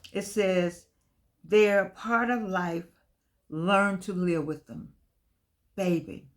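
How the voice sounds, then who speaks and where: An older woman talking casually to camera from her home, chatty and repetitive, calling her listeners "baby". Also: mid-range voice. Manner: chatty, repeats phrases, calls listeners "baby". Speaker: vlogger.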